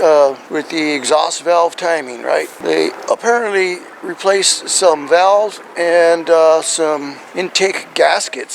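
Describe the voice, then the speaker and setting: A man's voice: fairly high pitch, creaky, noisy background. A man casually explaining his truck engine while working on it, rambling and often checking in with "right?".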